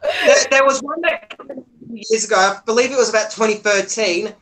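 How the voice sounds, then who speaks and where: High-voiced woman telling stories. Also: normal speed, poor audio. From Australia. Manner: animated storyteller who acts out quotes. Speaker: podcast co-host. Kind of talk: casual chat on a livestream.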